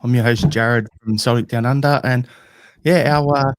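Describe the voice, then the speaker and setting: Australian male host, monotone, smooth clean voice, relaxed and halting. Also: mid-range voice, no echo, clean studio sound. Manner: easygoing, hesitant with fillers. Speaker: podcast host. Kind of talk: casual fan podcast hosting. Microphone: video call.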